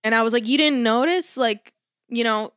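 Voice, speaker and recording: Woman, casual podcast chat, animated storyteller, swears freely, dry close recording. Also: on the high side, moderate pace, clear, resonant tone, dry recording. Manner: animated anecdote-telling, swears freely, mimics others in quotes. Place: Los Angeles area.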